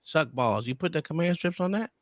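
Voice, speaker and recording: A man's voice: on the high side, animated, no echo. Man talking loose and slangy, dry sound. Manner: loose, slangy, halting with restarts. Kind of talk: casual panel chat.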